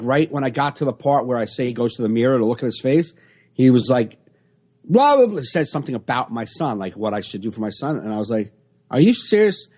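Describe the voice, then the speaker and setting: A man, a stand-up comedian, telling stories in a casual podcast chat over a video call and acting out the exchanges. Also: mid-range voice. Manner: animated storyteller acting out exchanges.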